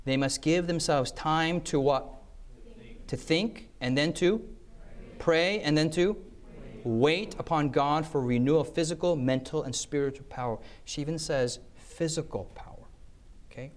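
Fairly high in pitch with lively intonation, a male preacher speaks at normal speed in a storytelling sermon on time management. He's engaging, dropping "okay?" and "yes?" to check on his audience, and slips into character for quoted lines mid-story.

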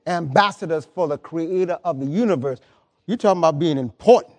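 A man's voice: fairly high pitch, a little fast, darkish tone. A man preaching a sermon as pastor, emphatic and colloquial, repeating words and pressing his points to the congregation. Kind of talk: lively sermon.

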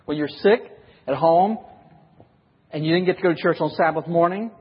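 Preaching to a congregation, a man questions his listeners and acts out examples. His voice is a little high with a breathy edge, at a moderate pace. The recording is dull, with long hall reverb.

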